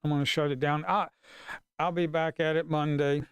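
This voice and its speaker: A man's voice: on the high side, level tone, moderate pace, clear, resonant tone, dry recording, highs cut off. A man live-streaming his futures trading, talking to himself in a casual, frustrated way and swearing under his breath.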